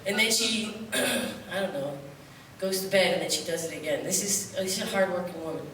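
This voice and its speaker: A woman's voice: lowish voice, normal speed, a bit bright, slight background noise. A woman from upstate New York, telling rambling, joking stories to a festival audience from a theater stage. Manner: chatty, joking, loose asides. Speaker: poet performing at a festival. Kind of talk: rambling comic stage storytelling. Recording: echoey theater, distant mic.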